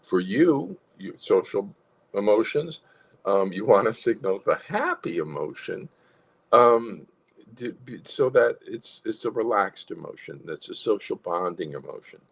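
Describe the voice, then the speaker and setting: His voice is on the low side, gravelly and a bit rough, and he talks somewhat slowly. A psychologist leading an instructional livestream, he's animated, chuckles, and performs different vocal tones.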